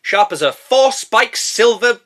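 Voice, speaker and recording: A man recording comedy review outtakes, giggling, swearing and breaking into sudden loud silly outbursts. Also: very high-pitched, expressive, measured pace.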